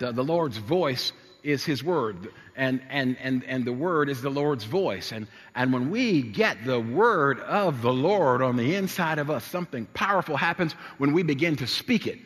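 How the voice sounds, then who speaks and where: A man's voice: on the high side, fairly bright tone, long reverb tail. A man in his sixties from New Jersey, a pastor preaching and telling a story from his youth with lots of repetition and laughter. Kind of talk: sermon with personal storytelling.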